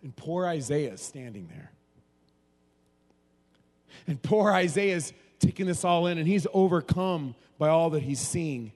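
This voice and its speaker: A man's voice: fairly high pitch, a little slow, long pauses. Preaching man in a reverberant hall. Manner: animated preaching, swings from soft to loud. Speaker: pastor. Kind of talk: sermon.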